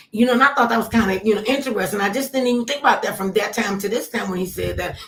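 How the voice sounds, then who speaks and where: A woman radio host telling a lively personal story in casual chat, with loud outbursts and quoted asides. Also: medium pitch, brisk.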